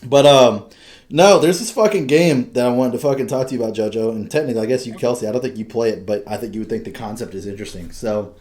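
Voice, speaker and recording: Young male podcast host, mid-pitched, loose and profane, laughs through his stories. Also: fast. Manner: swears freely, laughs often, animated storytelling. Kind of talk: casual chat.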